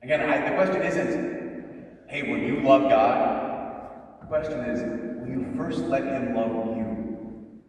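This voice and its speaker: Lively preaching priest in an echoey church. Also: male voice, medium pitch, slow, long pauses, recorded from a distance, slight background noise. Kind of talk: sermon. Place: large church.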